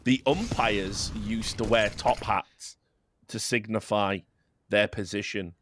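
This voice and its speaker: A man's voice: on the low side, steady tone, slow, fairly bright tone, a little hiss or hum. A man on an esports desk rambling through trivia on a headset, self-mocking and hesitant. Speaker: esports co-caster. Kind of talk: casual desk banter. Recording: game gunfire heard behind the voice.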